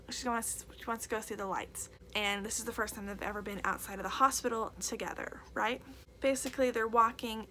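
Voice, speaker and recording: A woman's voice: mid-range voice, pushed and bright, slight background noise. A young woman reviewing a book in a casual vlog, gushing and emotional, repeating herself with lots of fillers.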